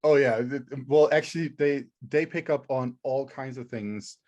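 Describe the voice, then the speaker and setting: A man's voice: medium pitch, moderate pace, darkish tone, lo-fi sound. A middle-aged man, a professor co-hosting a podcast, talking casually with many ums and small chuckles. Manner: hesitant, many ums, chuckles between thoughts.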